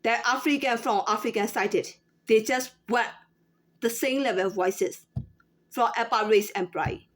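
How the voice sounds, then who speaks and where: A woman in her thirties or forties speaking in a casual unscripted monologue, halting with many fillers and restarts. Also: on the high side. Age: 30s to 40s. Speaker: former store employee.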